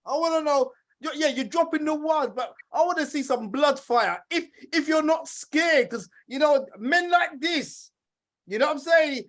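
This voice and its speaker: A male host introducing and hyping his guest with lively energy. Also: very high-pitched, moderate pace. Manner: energetic, hyping the audience, laughing. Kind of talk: lively talk show hosting.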